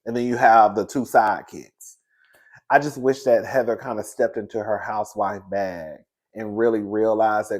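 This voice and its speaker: A man recapping a reality TV episode in casual solo chat, sassy and animated, laughing often and acting out quotes. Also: fairly low pitch, normal speed.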